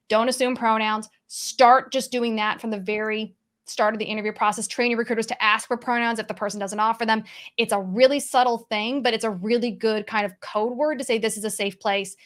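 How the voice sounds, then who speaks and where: A woman sales coach on a panel, giving direct, practical advice in brisk lists. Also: a little high, fairly bright tone. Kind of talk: panel discussion.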